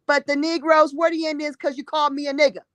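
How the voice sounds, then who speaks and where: A woman's voice: high voice, little pitch movement, fast talker, no room sound. A woman telling a story in casual conversation, emphatic and blunt, often repeating herself.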